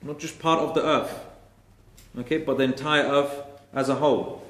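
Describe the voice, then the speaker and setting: A man's voice: medium pitch, fairly even intonation, moderate pace, a bit bright, echoey room. A man teaching a Quran exegesis class, explaining Arabic grammar step by step and repeating key phrases for emphasis.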